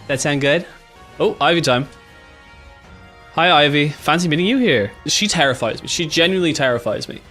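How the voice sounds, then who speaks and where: An Irish man giving casual, excitable gameplay commentary, swearing freely and thinking aloud as he plays. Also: medium pitch. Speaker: gaming YouTuber.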